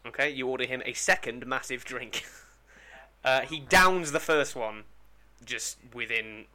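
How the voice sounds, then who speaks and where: A man's voice: mid-range voice, unhurried, sharp tone. A man narrating as game master on a tabletop role-play podcast, laughing often and swearing casually.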